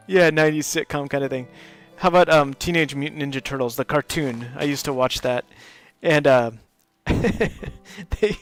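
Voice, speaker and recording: A man with a slightly high voice chats casually while he plays a game on a live stream. He laughs a lot and pads his talk with frequent ums and restarts. Faint music runs underneath. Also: gravelly. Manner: chatty, laughs often, many fillers.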